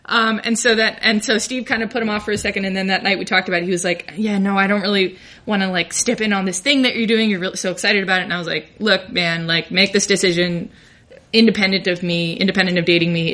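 A woman's voice: mid-range voice, pushed and bright. A young adult woman telling a candid, self-deprecating personal story, often laughing through her lines.

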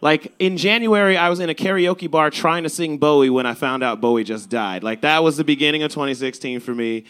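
Young male comic, animated storyteller, slightly high bright tone. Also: brisk, hardly any pauses, clear, resonant tone. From Chicago's South Side. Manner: animated, swearing, acts out quotes. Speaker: stand-up comedian. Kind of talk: stand-up storytelling.

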